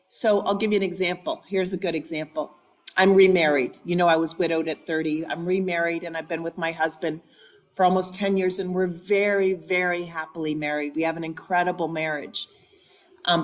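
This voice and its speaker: A woman life coach giving an animated, empathetic training talk, often repeating phrases for effect. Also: on the low side. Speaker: life coach, workshop speaker. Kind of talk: training talk to a hybrid audience.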